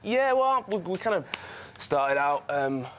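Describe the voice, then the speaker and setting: Laid-back band guest. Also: male voice, fairly high pitch, very animated, a little slow, slight background noise. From England. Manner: laid-back, brief replies. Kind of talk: casual interview answers.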